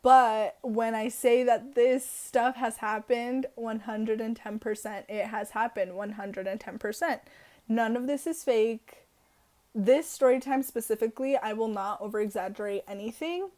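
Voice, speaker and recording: Chatty teenage girl, bit high voice. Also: warm tone. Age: teens. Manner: chatty, filler-heavy, giggly. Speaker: vlogger. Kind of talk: casual storytime vlog. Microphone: camera in her room.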